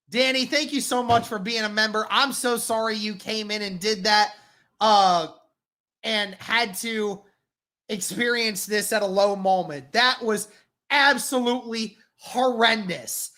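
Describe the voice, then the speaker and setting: Woman, live sports-stream host, high-ish voice, unhurried delivery, exasperated fan reactions. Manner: animated, exasperated fan reactions addressed to chat. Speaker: live watch-along host.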